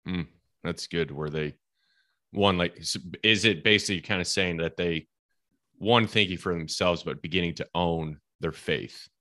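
A man's voice: low-pitched, moderate pace, bright, forceful tone, no room sound, studio quality. A man hosting a podcast interview, chatty and encouraging, often affirming his guest. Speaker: podcast host. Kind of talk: casual interview talk.

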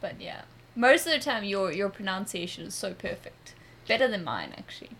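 A woman from South Africa who teaches English, with a South African accent tinged with American, chatting casually as a lively, laughing storyteller. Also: mid-range voice, normal speed, crowd noise. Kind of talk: casual chat.

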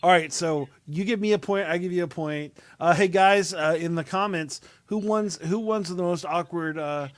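A man's voice: high voice, normal speed, hardly any pauses, no echo. A man hosting a casual web show over a remote call, talking with many fillers and restarts. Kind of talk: casual chat.

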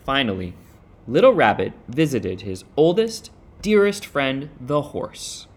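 A man reading a children's picture book aloud, slow and expressive. His pitch moves a lot as he tells the story. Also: slightly rough. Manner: expressive, unhurried. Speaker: reader.

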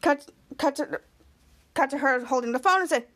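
A woman's voice: high voice, normal speed, a bit bright. A woman podcast host recapping a TV episode scene by scene, with stumbling restarts.

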